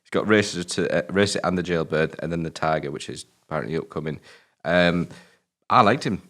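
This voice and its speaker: Deep-voiced british guy gabbling fast about films, laid back, drops f-bombs. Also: a bit bright. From Britain. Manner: swears casually, rambling and offhand. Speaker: film review show co-host. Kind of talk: casual film discussion.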